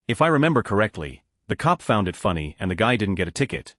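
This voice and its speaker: A low-voiced man narrates Reddit stories at a fast clip. His pitch moves a lot as he reads, and the recording is dry and close. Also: sing-song, fairly bright tone, no echo. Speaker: story narrator. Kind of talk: reading Reddit stories aloud.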